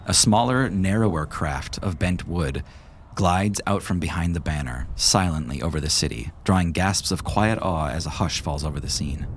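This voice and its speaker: A man with a low, deep voice narrates a tabletop game as game master, calm and descriptive. Faint hiss runs underneath the recording. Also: normal speed.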